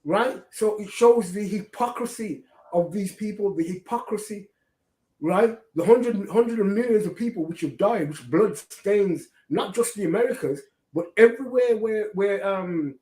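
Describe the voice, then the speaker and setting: Man hosting religious talk, kinda high voice, preachy, lots of "right?", roomy echo. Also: expressive, measured pace, dark tone. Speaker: host. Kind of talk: religious commentary. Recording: echoey room.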